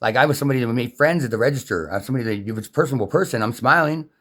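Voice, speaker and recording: A man speaks straight to camera in an angry, unscripted rant. He is heated and profane and keeps circling back to the same points. His voice sits at an ordinary middle pitch. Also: animated, racing, fairly bright tone.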